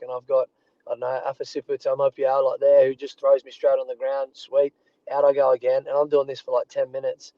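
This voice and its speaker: A man in his thirties with an Australian accent, a rugby player guest telling animated anecdotes from a parked car over a remote call. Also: a little high, no echo, muffled recording. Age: 30s. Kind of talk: casual storytelling.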